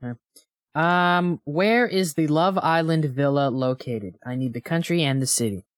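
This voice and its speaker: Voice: medium pitch, normal speed, dry recording, clean studio sound. A podcast host running a quiz on a co-host, in casual chat, playful and teasing.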